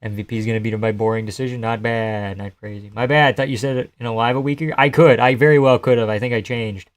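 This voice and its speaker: A man's voice: medium pitch, steady tone, fast. A man streaming live, chatting loosely and answering his viewers' messages, with the odd curse. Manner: loose, rambling, profane, answers chat messages. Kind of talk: casual live-stream chat reacting to a fight card.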